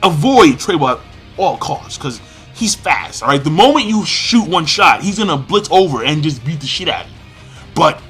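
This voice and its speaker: A young manga reviewer rants through a comic at a moderate pace, swearing freely, rambling excitably, and often breaking into shouts. His slightly high voice swings widely in pitch with a sharp, bright edge, over faint background music.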